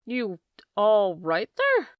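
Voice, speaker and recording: A woman reading an audiobook, voicing a slow, rustic male innkeeper in plain country dialect. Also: lowish voice, animated, pushed and bright, no room sound, studio quality. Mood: wary.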